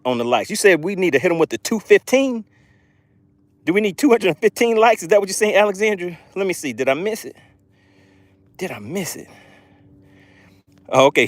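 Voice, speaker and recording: A man hosting a live fishing stream from a boat on a lake, excitable and playful as he reads the chat aloud. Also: fairly high pitch, brisk, no echo. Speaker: fishing channel host.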